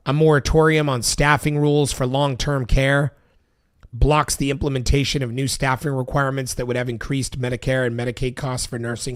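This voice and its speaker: A man's voice: medium pitch, fairly bright tone. A man on a stream reading a bill aloud line by line, breaking off into loose, casual asides full of fillers. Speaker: political commentary streamer.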